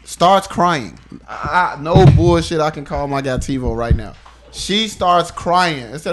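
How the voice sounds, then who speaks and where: A young man co-hosting a podcast, telling stories in a casual, animated and profane way. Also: on the high side, unhurried, a little hiss or hum. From Chicago area. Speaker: podcast co-host. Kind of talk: casual chat.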